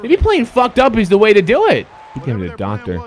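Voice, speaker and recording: A young man yelling and joking through a basketball video game in a high, very lively voice. He swears freely, cheers and groans at every play, and his pitch swings all over the place. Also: a little fast, over music. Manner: excitable, swearing, shouting at players. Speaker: gaming streamer. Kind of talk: casual game commentary.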